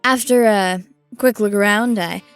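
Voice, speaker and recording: A woman's voice: medium pitch, a little slow, clear, resonant tone, soft background music. A woman co-hosting a tabletop game podcast, recapping in first person with a hesitant, filler-heavy delivery. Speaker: co-host and player.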